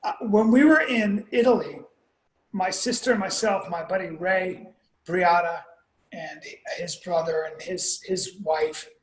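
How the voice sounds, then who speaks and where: A man with a notably high voice tells blunt, profane stories that he exaggerates for effect. His voice rings in a roomy, echoey space. He speaks as a podcast co-host in casual chat. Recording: roomy echo.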